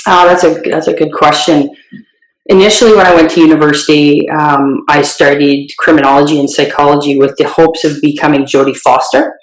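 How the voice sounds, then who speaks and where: Animated woman telling stories, echoey room. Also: deep voice, a little fast. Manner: animated storyteller, acts out quoted dialogue, laughs easily. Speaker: strength and conditioning coach and kinesiology professor. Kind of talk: conversational podcast interview.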